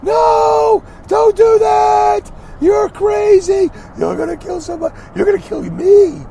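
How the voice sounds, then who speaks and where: A man's voice: expressive, unhurried, vocal fry, slight background noise, exaggerated voice. A man putting on the voice of a panicky, overreacting worrier who shrieks frantic warnings. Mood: panicked. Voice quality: shrill, frantic shouting.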